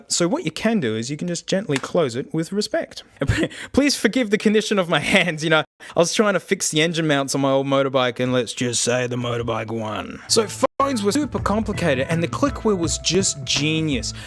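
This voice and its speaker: Excitable Australian man reviewing gadgets. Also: fairly high pitch. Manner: excitable, jokey, bursts into laughter. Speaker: tech reviewer. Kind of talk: casual video commentary.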